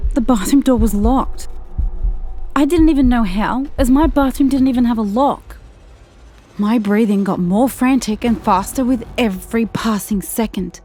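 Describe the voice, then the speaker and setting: A woman reads a first-person horror story in a fairly high, tense voice. She keeps the delivery hushed and slows down or whispers as the dread builds. Faint music plays beneath her narration. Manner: tense, hushed, slowing down and dropping to a whisper at scary moments.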